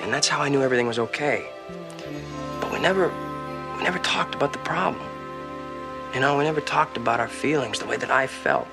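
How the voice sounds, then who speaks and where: An actor playing a young adult man who earnestly counsels a boy, in a sitcom clip played over loud music. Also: mid-range voice, fairly quick, vocal fry, long pauses, close to an everyday voice. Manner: earnest, heartfelt storytelling.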